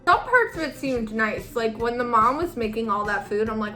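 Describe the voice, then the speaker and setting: A woman's voice: fairly high pitch, animated, moderate pace, bright, forceful tone, faint music behind. A woman making incredulous jokey asides in a comedic movie chat. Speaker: panelist.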